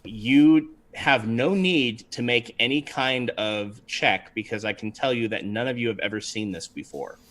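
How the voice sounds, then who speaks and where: A man's voice: medium pitch, measured pace, hardly any pauses, fairly bright tone. A man narrating as game master in a tabletop game, rambling and laughing often.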